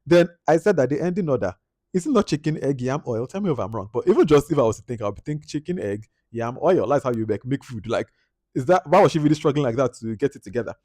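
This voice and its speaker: A man giving a casual film review, animated and exasperated as he acts out his own reactions. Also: mid-range voice, fast talker, dry recording, clean studio sound. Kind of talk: casual movie review monologue.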